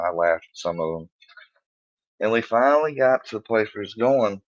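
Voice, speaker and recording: A man in his thirties tells a rambling, profane story in a casual tone, often laughing and jumping higher to mimic his friends. His voice sits very low. The recording is dry and slightly dull. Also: normal speed, long pauses, no room sound. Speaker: podcast host.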